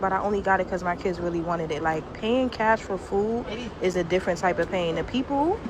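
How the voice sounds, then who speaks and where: A woman's voice: lowish voice, a little fast. A mother in a casual vlog rant, irritated and swearing, recorded outdoors near traffic.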